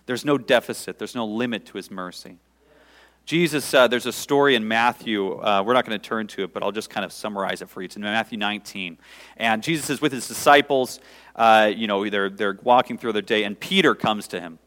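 A man preaching a sermon, telling a story in an animated, conversational way in a church hall. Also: fairly low pitch, brisk. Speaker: pastor. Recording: echoey hall reverb.

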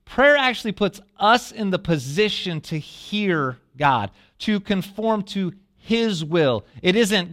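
A man preaching a sermon as a pastor, telling a story with lively asides and questions to the listeners, dropping to a hush when quoting prayers. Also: high voice, unhurried, hardly any pauses. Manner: animated storytelling, asks the congregation questions.

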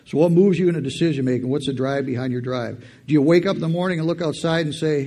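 A man's voice: fairly high pitch, fast, hardly any pauses, mellow. A man giving a testimony sermon in church, telling a personal story and building to fired-up preaching with call-and-response. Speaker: lay preacher.

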